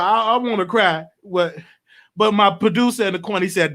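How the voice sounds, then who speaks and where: Young guy in his late 20s doing gossip talk, high and bright voice, all over the place and emotional. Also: brisk. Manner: emotional, rambling, animated. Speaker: show host. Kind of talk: casual gossip commentary.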